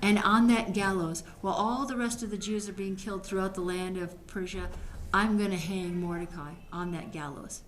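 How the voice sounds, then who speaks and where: A woman's voice: mid-range voice, steady tone, moderate pace, slight background noise, lightly acted. A woman voicing a proud, scheming royal official who talks in a self-satisfied way.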